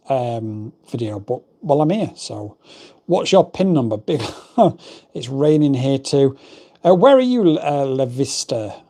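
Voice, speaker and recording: A man's voice: medium pitch, mellow. A middle-aged man hosting a casual livestream, rambling and reading out viewer comments. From England. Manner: chatty, rambling, reads out chat messages. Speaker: livestream host. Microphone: desk microphone.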